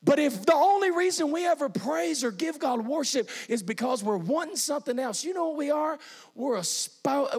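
A man preaching a sermon as pastor, moving from hushed storytelling to shouted praise. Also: very high voice, expressive, moderate pace.

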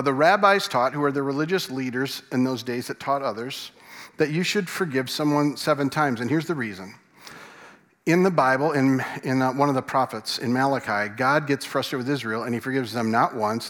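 A man's voice: medium pitch, fairly bright tone. A man preaching a sermon as a pastor, conversational and asking the congregation questions. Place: church sanctuary. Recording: long reverb in a large hall.

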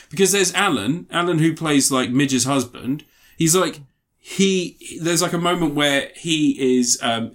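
This young podcast co-host reviews films in casual chat, his voice on the high side with a fairly bright tone. He gets excited recounting scenes, rambling along and leaning heavily on fillers.

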